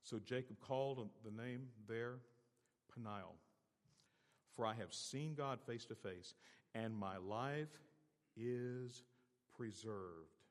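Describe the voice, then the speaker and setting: A man's voice: mid-range voice, takes it slowly, long pauses. Preaching man in a reverberant hall. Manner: preaching with big swings from quiet to loud; repeats key phrases for emphasis. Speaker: pastor. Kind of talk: sermon.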